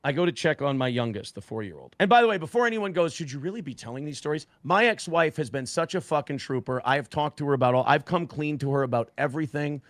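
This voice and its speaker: A man, a guest on a talk stream, telling a story in a casual, profane, animated way and acting out the quotes. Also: fairly high pitch, quick pace, few pauses, no room sound.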